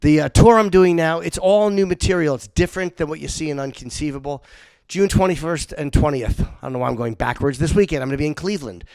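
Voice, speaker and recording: Man, middle-aged, talk show host, dry jokey manner, slightly high voice, dry studio sound. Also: quick pace, creaky, darkish tone, no room sound. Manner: self-deprecating, dry jokey delivery. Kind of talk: casual talk show chat.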